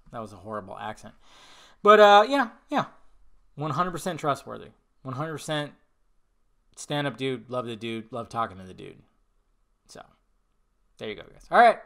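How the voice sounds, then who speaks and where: A man's voice: mid-range voice, big pitch swings, moderate pace, vocal fry, long pauses, sharp tone. A man hosting a casual solo podcast, answering viewer questions in a rambling, blunt way, with casual swearing and trailing mutters. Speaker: podcast host.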